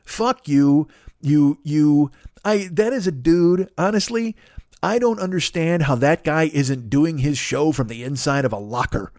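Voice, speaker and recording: A man's voice: on the high side, measured pace, a little mellow, dry recording, studio quality. A man in his forties hosting a comedy podcast, delivering a profane, ranting monologue full of mocking impressions. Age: 40s.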